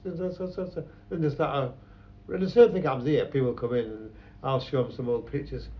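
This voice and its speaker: A man's voice: mid-range voice, fairly quick, hardly any pauses, dull audio, a little hiss or hum. A man, a photographer telling rambling anecdotes in an interview. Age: 70s. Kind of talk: conversational interview.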